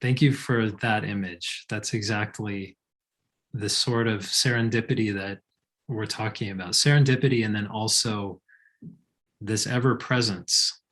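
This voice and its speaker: A man co-hosts a live session and reads listener letters aloud in a fairly low voice. He reflects on them in a calm, thoughtful manner. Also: measured pace. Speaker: co-host.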